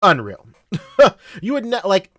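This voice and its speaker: A man's voice: high-pitched, huge pitch swings, slow, a bit bright, dry recording, studio quality. A man in his thirties from the Philippines, with a Southern US accent, hosting a casual livestream and chatting in a rambling way, laughing often and swearing freely. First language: Tagalog. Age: 30s. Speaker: livestream host.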